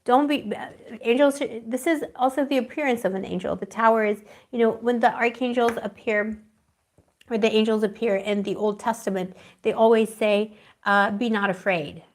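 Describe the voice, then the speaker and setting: A woman's voice: a little high, steady tone, normal speed. A woman giving a live tarot reading, rambling and affectionate, calling her viewers pet names and searching dreamily for her words. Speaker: tarot reader.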